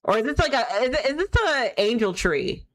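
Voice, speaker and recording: A woman's voice: a little high, lively intonation, a little fast, fairly bright tone. A woman streaming live, talking in a rambling, candid, opinionated way, full of filler words. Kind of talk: casual chat while gaming.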